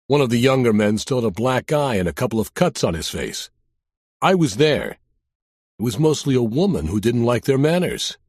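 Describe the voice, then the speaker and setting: A man narrating a first-person thriller audiobook in a wry, deadpan detective voice. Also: mid-range voice, moderate pace, husky, dry recording, clean studio sound.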